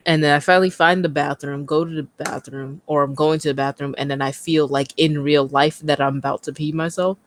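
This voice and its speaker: Woman, podcast co-host, relaxed and casual, swears freely. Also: low-pitched, fairly quick, hardly any pauses. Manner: laid-back, swears casually while telling a story. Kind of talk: casual chat.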